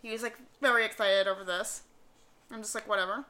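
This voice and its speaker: Animated bright-voiced woman podcaster. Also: on the high side, brisk. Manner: animated storytelling, quotes others in voices. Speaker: podcast co-host. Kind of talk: casual chat.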